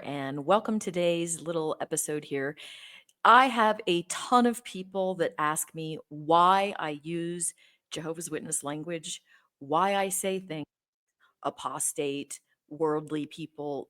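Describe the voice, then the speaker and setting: A woman's voice: lowish voice, fairly bright tone. A woman hosting her own channel, earnestly explaining her points one by one to the camera. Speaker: host.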